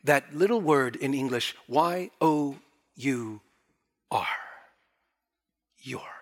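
A man preaching a sermon, emphatic, swinging from loud stresses to near whispers. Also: mid-range voice, slow. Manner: emphatic, varying pace and volume, drops to near whisper.

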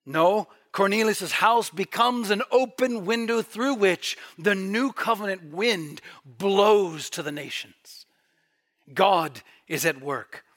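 A middle-aged man preaching a sermon, swinging from quiet, reflective passages to emphatic, near-shouted peaks. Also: high voice, takes it slowly. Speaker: pastor.

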